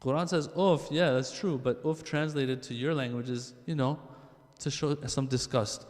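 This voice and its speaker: A man giving a conversational sermon to a congregation in a lively, joking way, speaking straight to his listeners. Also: medium pitch, moderate pace. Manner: lively, joking, addresses the crowd directly. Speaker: religious speaker. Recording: long hall reverb.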